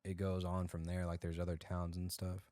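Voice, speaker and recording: A man co-hosting a podcast, chatting casually and excitedly about a video game. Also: sits low, a little fast, no echo, clean studio sound. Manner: excited, rambling gamer talk. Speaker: podcast co-host. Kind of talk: casual chat.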